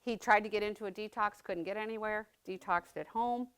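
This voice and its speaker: A middle-aged woman recounts her experience as a mother in a personal testimony, her medium-pitched voice smooth, a bit bright, and fairly quick. She speaks earnestly and conversationally, often turning to the audience with "right?"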